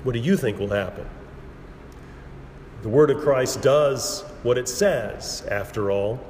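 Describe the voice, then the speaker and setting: Male preacher, slow and weighty sermon delivery, emphatic repetition, recorded in an echoey sanctuary. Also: medium pitch, darkish tone. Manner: measured, emphatic preaching with repetition and dramatic pauses. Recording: roomy hall with long reverb and faint background noise.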